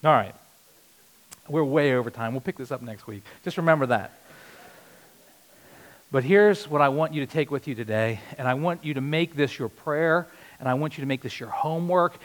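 A man preaching a sermon as pastor, swinging from loud punchy lines to hushed, earnest ones. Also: fairly high pitch, a little fast.

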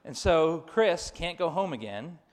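High-voiced male preacher in a reverberant hall. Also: lively intonation, measured pace. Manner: anecdotal storytelling, repeats phrases for emphasis. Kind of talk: sermon. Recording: long reverb of a large hall.

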